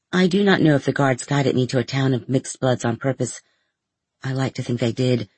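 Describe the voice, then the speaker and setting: A man narrates a first-person novel as an audiobook in a measured, steady storytelling manner. His mid-range voice has a husky edge. The recording is close and dry, with no room sound. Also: mid-range voice, no echo.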